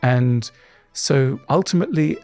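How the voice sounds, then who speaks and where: A middle-aged man answering interview questions in an animated way, acting out little voices as he explains. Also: medium pitch, unhurried, faint music behind. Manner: animated, acts out voices in quotes. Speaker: guest author.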